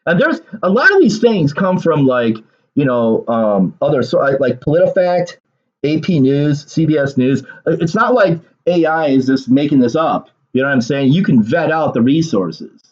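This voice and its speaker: A man's voice: on the high side, lively intonation, moderate pace, dull audio. Rambling man giving casual political commentary. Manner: rambling, repeats words, many fillers.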